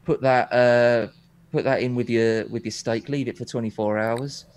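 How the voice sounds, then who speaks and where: Man, thirties, relaxed guest chat, keen and chatty, video call sound. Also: medium pitch, moderate pace, smooth. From England. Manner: relaxed and chatty, enthusiastic about cooking. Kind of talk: casual chat.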